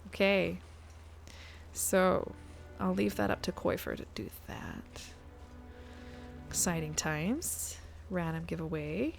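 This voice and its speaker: A woman's voice: on the low side, slow pace, creaky, faint music behind. A woman, chatting casually to her viewers while playing a game on a live stream and thinking aloud. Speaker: guest streamer.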